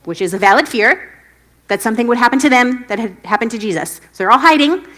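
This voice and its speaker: A woman's voice: a little high, lively intonation, quick pace, fairly bright tone. A woman pastor giving a casual sermon, chatty and self-deprecating, laughing often and acting out the quotes. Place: church stage.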